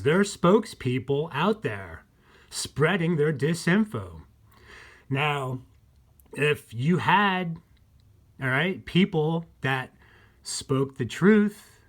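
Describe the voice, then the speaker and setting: A man's voice: fairly high pitch, a bit bright. A man hosting his own channel, talking to viewers in a rambling, repetitive monologue, often restarting and calling them folks. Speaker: conspiracy channel host.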